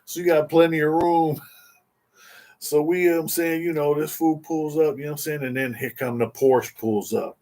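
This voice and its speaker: Here the man's voice is fairly high yet dark, steady, and at a normal speed. Telling a story as an interview guest, he rambles in slangy street talk full of restarts and repeated words, constantly checking in with "you know what I'm saying."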